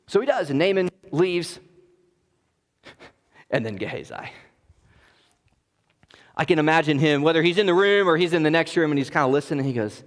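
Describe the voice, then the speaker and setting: A pastor with a fairly high voice preaches an earnest, conversational sermon. He is recorded in a church sanctuary, and a long reverb trails his words. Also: lively intonation, moderate pace, long pauses.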